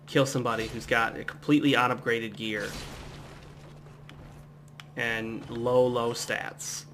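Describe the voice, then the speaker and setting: Man, casual gameplay commentary, rambling asides, middle pitch, faint background hum. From United States. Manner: relaxed, rambling, chatty asides. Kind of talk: casual let's-play commentary.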